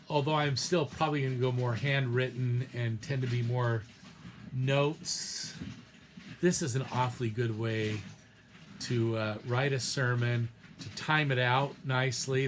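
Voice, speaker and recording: A man's voice: medium pitch, slight background noise. A man teaching a class on preaching in a casual lecture, speaking loosely and hesitantly with many fillers and restarts. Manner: reads short quotes aloud from a text. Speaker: preaching instructor.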